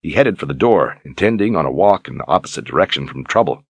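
A man narrating an audiobook in a measured, calm storytelling manner. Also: rumbling low, vocal fry, slightly rough, no room sound, muffled recording.

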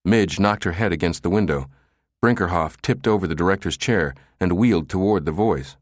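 A man narrating an audiobook in a steady, measured way. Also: sits low, dry recording, clean studio sound.

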